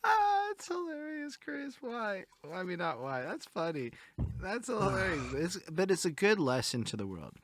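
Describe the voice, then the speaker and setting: A man's voice: sits high, huge pitch swings, normal speed, noisy background. A young man hosting a casual interview, teasing his guest and joking around. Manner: teasing, jokey, acts out quotes. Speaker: interview host.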